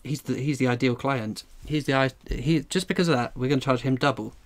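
Speaking briskly at a medium pitch, an Englishman hosts a casual coin-collecting stream. Wired on strong coffee, he reads out chat messages and rambles with jokes.

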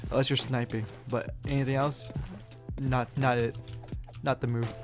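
A young man giving casual commentary over his own shooter gameplay, chatty and yelling at big plays. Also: medium pitch, moderate pace. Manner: excitable, yells at big plays. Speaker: gaming YouTuber. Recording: loud game music and gunfire behind.

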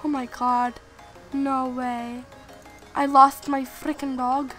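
Excitable sick woman, high bright voice. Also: slow pace, soft background music. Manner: excitable, gasps and exclaims, addresses viewers directly. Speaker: gaming channel host. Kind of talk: let's-play gameplay commentary.

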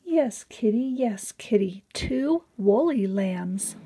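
A woman's voice: mid-range voice, animated, takes it slowly, mellow, slight background noise. A woman reading a children's picture book aloud in a sing-song way, lifting her voice on each animal sound.

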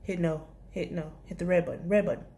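A woman's voice: fairly low pitch, fairly even intonation, fast talker, mellow. Rambling young woman telling a storytime. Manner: rambling, casual, frequent restarts and asides. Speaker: vlogger. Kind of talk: storytime vlog.

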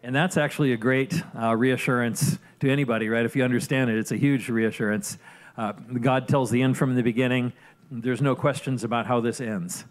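A man preaching a sermon in a loose, conversational manner. His voice sits at a middle pitch, and he keeps checking in with his listeners as he goes. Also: steady tone, fairly quick. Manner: conversational, frequent "right?" asides and restarts. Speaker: pastor.

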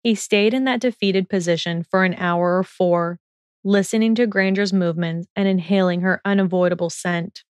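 A woman's voice: lowish voice, steady tone, moderate pace, clean tone, no room sound, studio quality. Woman narrating a fan fiction audiobook.

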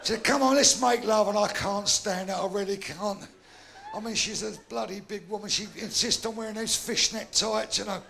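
An older man from London with a Cockney accent, doing a bawdy stand-up routine in a gruff, deadpan way before a live crowd. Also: high voice, normal speed. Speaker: stand-up comedian. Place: large live venue with a crowd. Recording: live stage recording with audience noise. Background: audience laughter.

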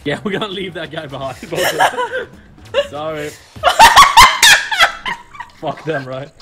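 A man's voice: on the high side, huge pitch swings, unhurried, fairly bright tone. A man with a Swedish accent chatting, joking, swearing and laughing while playing a video game with a friend. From Sweden. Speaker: guest co-player. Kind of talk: casual gameplay chat.

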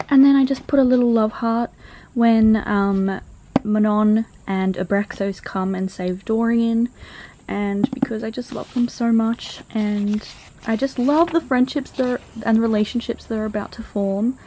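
A woman's voice: fairly high pitch, a little slow, mellow, slight background noise. A young woman chatting casually in a reading vlog, gushing and giggling as she talks about her book. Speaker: book vlogger.

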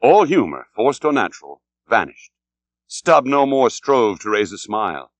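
A man narrating an audiobook in a solemn, dramatic, measured way. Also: fairly low pitch, sing-song, dry recording.

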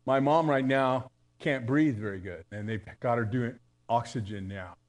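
A man's voice: medium pitch, moderate pace. A man preaching a live sermon in church, talking in a conversational, humorous way with sudden emphatic bursts. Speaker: pastor. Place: church sanctuary.

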